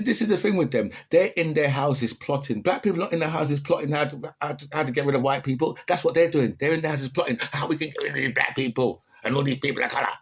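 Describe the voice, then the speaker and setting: A man's voice: mid-range voice, husky. A man from the UK with a British accent, delivering an impassioned opinion monologue and often asking "right?" to his listeners. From United Kingdom.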